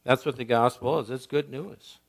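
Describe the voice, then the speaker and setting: A man's voice: medium pitch, steady tone, moderate pace, gravelly. Emphatic male pastor preaching a sermon. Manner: emphatic, rhetorical questions, swings from loud to soft.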